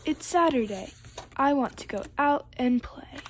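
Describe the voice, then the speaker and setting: A woman voicing a restless, stubborn young boy frog in a storybook reading, loud and bouncy. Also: high-pitched, expressive, measured pace, slight background noise. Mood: eager. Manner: loud, bouncy, whiny when thwarted.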